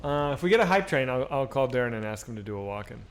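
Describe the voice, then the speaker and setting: Talking fast in a mid-range voice, a man plays a video game live and keeps up casual, animated commentary. He cusses freely and responds to his viewers' chat.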